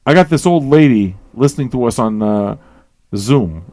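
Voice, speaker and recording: A man's voice: medium pitch, normal speed, a little mellow, no echo. Tired stoned guy hosting a radio show, rambling and cussing, dry close sound. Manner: rambling, profane, questions everything aloud. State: tired and high. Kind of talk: casual rambling talk to listeners.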